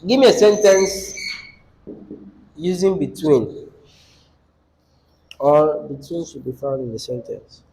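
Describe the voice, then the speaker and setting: A man's voice: fairly high pitch, expressive, slow, pauses often, mellow, poor audio. A man teaching an English lesson, asking the class questions and repeating key phrases.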